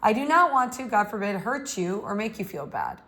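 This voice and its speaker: A woman's voice: mid-range voice, big pitch swings, normal speed, a bit bright. A woman reading aloud from a novel, voicing an elderly bearded male school official who speaks with stern concern and earnest pleading.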